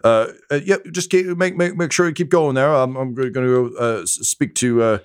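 A man's voice: medium pitch, a little fast, clear, resonant tone, pitched above the performer's own voice, natural voice. A man doing a stammering, flustered workman. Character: nervous stammering male roof-repair worker dangling on a rig.

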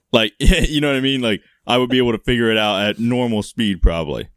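A man's voice: medium pitch, brisk, a bit bright, clean tone, no room sound, clean studio sound. A man co-hosting a casual comedic chat who makes crude jokes and laughs a lot. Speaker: podcast co-host.

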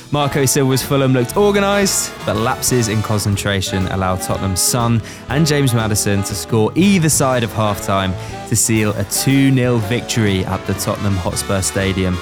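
A man hosting a casual podcast, upbeat and teasing with his guests. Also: lowish voice. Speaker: podcast host.

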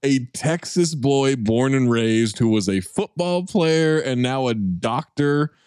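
A man co-hosting a podcast in casual chat, animated and joking with quick asides. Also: mid-range voice, smooth, no echo, clean studio sound. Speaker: podcast co-host.

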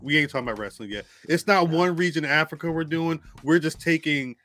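A man's voice: a little high, fast talker, pushed and bright. A man co-hosting a podcast in casual chat, geeky and talkative, laughing often. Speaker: podcast co-host.

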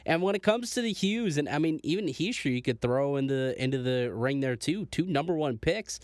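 A man's voice: fairly high pitch, lively intonation, a little fast, no echo, studio quality. A man hosting a podcast in casual chat, eagerly pressing his guest for stories. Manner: laughing, eager interviewer. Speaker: podcast host.

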